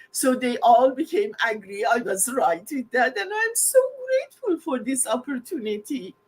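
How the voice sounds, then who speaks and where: A woman around sixty, a guest telling her own story in earnest, heartfelt, plainspoken words with non-native English phrasing. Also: high voice. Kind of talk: personal testimony.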